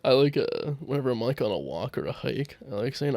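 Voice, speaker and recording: A man's voice: medium pitch, lively intonation, fairly quick, a little mellow, no room sound. A man in his twenties co-hosting a podcast, talking casually and chuckling. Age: 20s. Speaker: podcast co-host. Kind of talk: casual chat.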